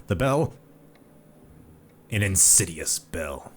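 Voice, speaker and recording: A man's voice: low voice, measured pace, soft background music. A man giving sardonic let's play commentary on a horror game. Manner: sardonic, animated. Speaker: gamer.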